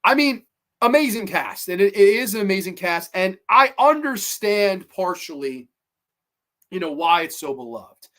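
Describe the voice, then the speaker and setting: A man hosting a casual review show, talking in a chatty, animated way and acting out quotes. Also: high voice, normal speed. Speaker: host.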